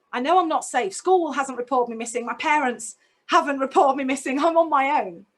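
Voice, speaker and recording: A woman's voice: high-pitched, a bit bright. A woman telling a personal story in a talk, intense and emotional, putting direct questions to her listeners. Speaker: speaker.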